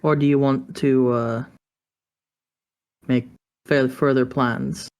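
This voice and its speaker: A woman's voice: rumbling low, fairly even intonation, slow, a little mellow. A woman playing a tabletop game, chatting casually and hesitantly, often trailing off. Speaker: player.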